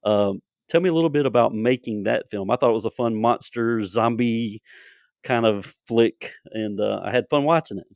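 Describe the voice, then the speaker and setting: A man with a Southern US accent from the Deep South, hosting a casual podcast interview, easygoing with frequent stammering restarts. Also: moderate pace, gravelly, no echo. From Deep South, United States. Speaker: podcast host.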